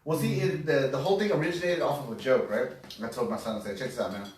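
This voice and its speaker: A man's voice: mid-range voice, fast talker, a little hiss or hum. A man in his forties telling crude jokes and rambling stories as a podcast co-host. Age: 40s. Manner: rambling storyteller, crude joking. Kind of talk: casual podcast banter. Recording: echoey room, far from mic.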